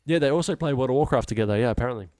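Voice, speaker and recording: A young man chatting casually while streaming a game, rambling and swearing with animated wonder. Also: medium pitch, very fast, dry recording. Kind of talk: casual chat while gaming.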